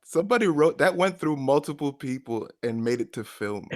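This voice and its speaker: A man's voice: on the high side, animated, moderate pace. A man who is a guest on a podcast, chatting casually in a laid-back, joking way and chuckling often. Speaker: podcast guest, music journalist.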